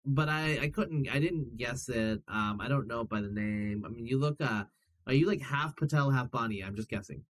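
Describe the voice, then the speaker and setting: A man, a podcast guest, talking in a casual and animated way, rambling through stories with many fillers and restarts. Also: mid-range voice, moderate pace, rough recording. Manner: animated storyteller. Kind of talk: casual chat.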